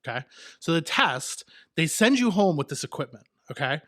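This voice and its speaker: A man's voice: on the high side, very animated, moderate pace, fairly bright tone, no room sound, clean studio sound. A middle-aged man co-hosting a podcast, telling a long self-mocking story in casual chat and checking in with "right?". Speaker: podcast co-host.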